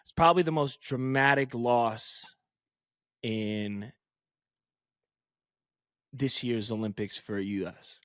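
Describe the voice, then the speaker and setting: A man's voice: medium pitch, takes it slowly, pauses often, a bit bright, dry recording, clean studio sound. An American man co-hosting a podcast, ranting emphatically and swearing in opinionated casual chat. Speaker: podcast co-host. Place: podcast studio.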